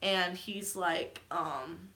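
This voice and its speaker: A woman's voice: lowish voice, extremely slow, bright, forceful tone. A woman vlogger casually recapping a movie, rambling and gushing, with lots of fillers.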